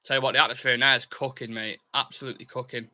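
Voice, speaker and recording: Bright-voiced excitable man hosting a watchalong. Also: mid-range voice, fast talker. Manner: chatty, reads viewer comments aloud, excitable bursts. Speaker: fan channel host. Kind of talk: live football watchalong chat.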